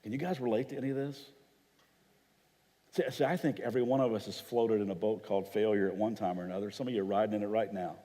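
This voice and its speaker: A pastor preaching a sermon, telling stories vividly and acting out the voices of people in them. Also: male voice, fairly low pitch, fast talker, warm tone, big-room sound. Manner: dramatic storytelling, acts out quoted voices. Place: church hall.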